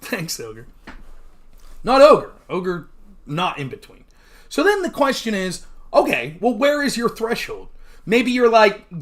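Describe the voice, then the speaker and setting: A man hosting a livestream, talking casually in a blunt, profane rant and pausing to thank chat viewers. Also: high-pitched, huge pitch swings, a bit bright. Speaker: livestream host.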